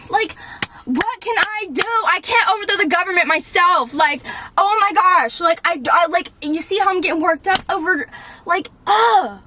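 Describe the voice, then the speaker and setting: Young woman, vlog rant, very high voice, bright and forceful, swearing, heated. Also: measured pace, a little hiss or hum. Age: 20s. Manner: fired-up, ranting, swearing, shouting at times. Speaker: vlogger. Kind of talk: unscripted rant to camera. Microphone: camera mic.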